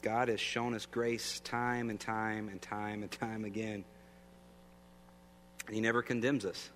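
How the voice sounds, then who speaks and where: Slightly slow and level in tone, the pastor's voice is on the low side yet fairly bright. His sermon feels conversational, with frequent questions to the audience, and the clip carries a long reverb plus a faint hum.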